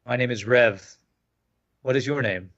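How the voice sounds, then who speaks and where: A man's voice: medium pitch, unhurried. A man takes part in a tabletop game, laying out his character's actions at an easy pace. The audio is dull and muffled. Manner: relaxed, describes his character's moves. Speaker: player. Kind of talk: tabletop role-play.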